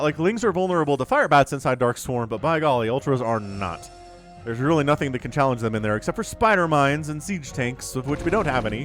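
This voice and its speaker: A man casting a strategy game match alone, with excitable, jokey play-by-play. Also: medium pitch. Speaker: esports caster. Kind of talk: solo game commentary.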